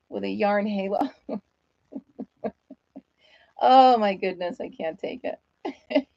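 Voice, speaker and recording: A woman's voice: a little high, darkish tone, no echo, highs cut off. A woman hosting a casual live-stream chat, talking in a chatty, self-deprecating way and laughing often.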